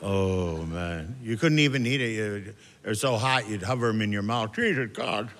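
A man's voice: fairly low pitch, moderate pace. A middle-aged man doing a self-deprecating stand-up comedy set, chatty and loose. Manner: self-deprecating, chatty, jumps into shouted character voices. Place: comedy club stage with a live audience. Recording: live club recording with audience noise.

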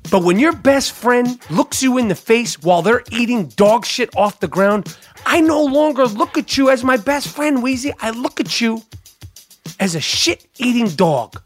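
Profane, animated man ranting on a podcast. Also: very high voice, a little slow, faint music behind. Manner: profane, animated, mock-outraged. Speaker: podcast host. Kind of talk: solo comedic podcast rant.

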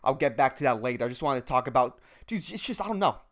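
Man, 30s, solo podcast rant: profane and rambling, and his pitch swings all over the place. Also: lively intonation, quick pace, fairly bright tone. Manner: rambling, profane, says "dude" and "man" constantly; jumps between topics, self-mocking. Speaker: podcast host.

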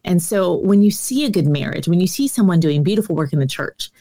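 Appearing as a guest on a conversational interview podcast, this author and speaker talks fairly quickly in an expressive, dark-toned voice on the low side. She tells her stories earnestly, with frequent fillers.

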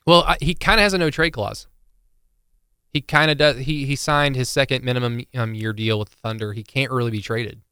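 A man's voice: mid-range voice, steady tone, a little fast, pushed and bright, smooth, dry recording, clean studio sound. A man co-hosting a podcast in casual sports chat, rambling with many fillers and restarts. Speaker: podcast co-host.

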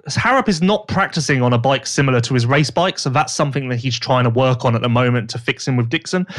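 A man's voice: medium pitch, fairly bright tone. A man co-hosting a podcast, chatting casually and teasingly about motocross racing, rambling with restarts. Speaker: podcast co-host.

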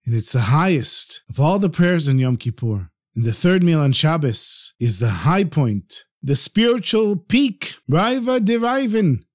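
An expressive male storyteller narrates with animated delivery, his voice sitting a little high for a man. He pauses to explain terms as he goes.

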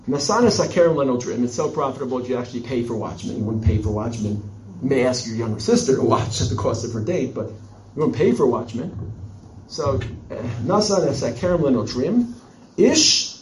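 Guy teaching a text class, animated, reads hebrew then explains, echoey room, kinda far from the mic. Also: medium pitch, slight background noise. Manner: animated, shifts between Hebrew and English, lively. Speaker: Bible teacher. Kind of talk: text study lesson. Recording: roomy echo from a distance.

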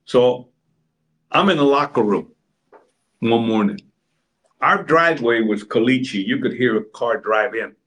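A man's voice: mid-range voice, a little slow, pauses often, a bit bright. Older man spinning yarns. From Texas. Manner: rambling raconteur, acts out other people's lines. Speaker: interview guest. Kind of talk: anecdotal storytelling.

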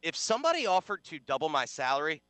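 A man's voice: on the high side, huge pitch swings, fast talker, fairly bright tone, no room sound. A man co-hosting a casual sports talk show, wry and sarcastic, rambling through his points. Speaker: sports radio co-host.

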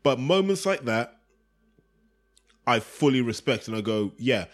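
A man, co-hosting a casual boxing podcast and acting out quotes in an animated way. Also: mid-range voice, measured pace. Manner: animated, acts out quotes in raised voice. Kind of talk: casual chat.

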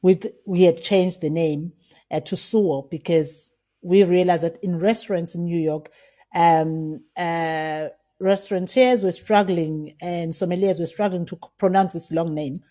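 A middle-aged South African winemaker in a casual interview, telling stories and acting out remembered conversations with laughter. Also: female voice, lowish voice, a little slow. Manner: animated, acts out remembered dialogue with laughs. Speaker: winemaker, guest.

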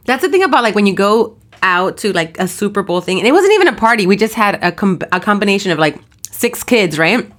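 Lively woman with a bouncing pitch. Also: quick pace. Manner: lively, mixing Spanish into English. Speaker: podcast co-host. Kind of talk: casual chat. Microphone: video call.

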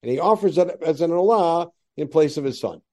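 A man teaches a classroom Torah lesson, reading the Hebrew verses of a biblical text aloud and explaining them with rhetorical questions. His mellow, slightly high voice moves a little fast, with lively intonation.

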